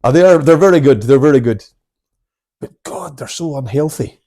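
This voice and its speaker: A Scottish man in his sixties, a karate instructor, telling stories in casual chat, salty and quick to swear. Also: fairly high pitch, animated, dark tone. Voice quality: gravelly, husky. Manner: salty, swears freely, laughs often.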